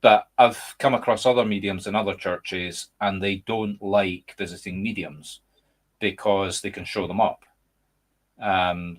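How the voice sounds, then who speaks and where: A man's voice: low-pitched, fairly even intonation, unhurried. A Scottish man hosting a casual chat over a video call, speaking emphatically and candidly. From Scotland. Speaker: medium and podcast host.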